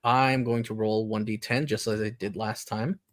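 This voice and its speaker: A man's voice: on the low side, little pitch movement, moderate pace, a little hiss or hum. Man narrating a tabletop game. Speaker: game master.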